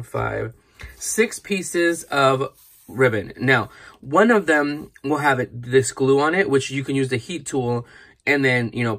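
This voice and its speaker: A man's voice: mid-range voice, fairly bright tone. A man hosting a casual craft tutorial, chatty and rambling, correcting himself as he demonstrates. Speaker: craft channel host.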